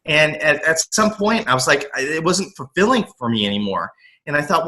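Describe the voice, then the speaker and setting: A middle-aged man from the US West Coast recounts his story in a casual interview, speaking with a somewhat high, bright, forward voice. He is earnest and animated, slipping into his past inner voice, and often trips over and repeats words as he goes. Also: a little fast. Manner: frequent restarts and repeated words. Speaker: motivational coach, podcast guest.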